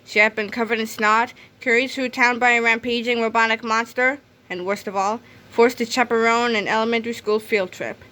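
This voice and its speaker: Brief: woman narrator for a children's read-aloud, lively, bright tone. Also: fairly high pitch, a little fast, hardly any pauses. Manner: lively storytelling.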